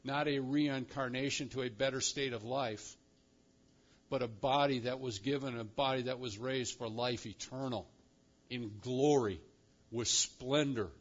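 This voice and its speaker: A man preaching a sermon with dramatic emphasis, slowing down and rising in pitch to stress key words. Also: dull audio. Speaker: pastor.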